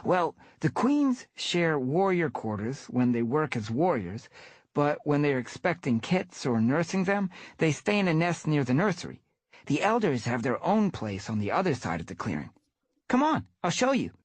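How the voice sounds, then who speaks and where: A man voicing an eager, chatty young tom cat apprentice, pitched well above his own voice. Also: big pitch swings, moderate pace, no room sound. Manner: chatty and helpful.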